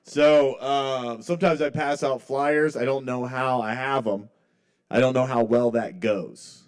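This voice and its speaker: A man talks through a loose stand-up set at an open mic, rambling and conversational in his middle-pitched voice. His thoughts often trail off before he picks them back up. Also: steady tone, a little slow, clean tone. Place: live kava bar open mic.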